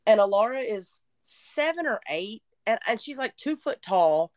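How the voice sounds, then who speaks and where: Animated woman telling a story. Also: a little high, a little slow, no echo. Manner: animated storyteller, drawling, self-mocking. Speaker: podcast co-host. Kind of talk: casual chat.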